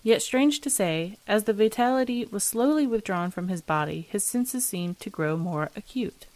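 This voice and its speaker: A woman narrating a classic ghost story in a measured, steady storytelling manner. Her voice sits at a middle pitch. The recording is dry and close, with no room sound. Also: no room sound. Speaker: narrator, host. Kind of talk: audiobook reading of a ghost story.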